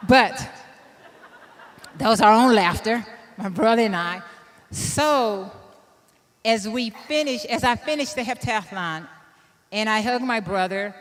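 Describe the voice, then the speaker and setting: A woman in her fifties from Illinois giving a keynote speech, telling a personal story in an animated way and laughing at herself. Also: mid-range voice, in a large hall. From Illinois, USA. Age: 50s. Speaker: keynote speaker.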